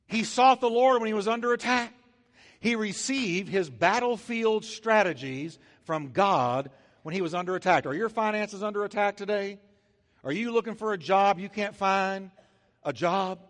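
A man preaching from the pulpit in a high, bright-edged voice, swinging from near-whispers to loud bursts and acting out everyday scenes in playful voices. His words ring out through a long hall echo in the church sanctuary. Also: normal speed. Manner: emphatic preaching with sudden loud and soft swings; acts out little scenes with comic voices. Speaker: pastor. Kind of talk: sermon.

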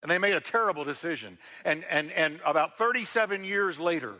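A male pastor delivers a sermon with a bright, forceful voice pitched a little high for a man. He swings from loud, emphatic lines to hushed, intimate ones and repeats words as he builds. The sound carries the long reverb of a church hall. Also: lively intonation, brisk. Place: church sanctuary.

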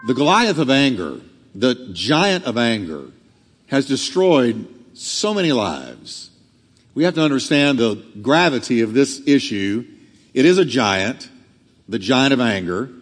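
Male pastor, preaching, high-ish and very lively pitch, long church reverb. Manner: emphatic preaching with sweeping pitch swings and dramatic slowdowns. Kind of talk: sermon. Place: church sanctuary.

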